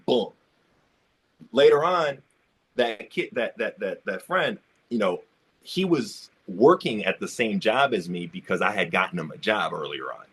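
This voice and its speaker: A man's voice: lowish voice, animated, normal speed, fairly bright tone, husky. A man on a discussion panel telling a personal story, acting out the quotes and speaking in casual slang. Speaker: roundtable panelist.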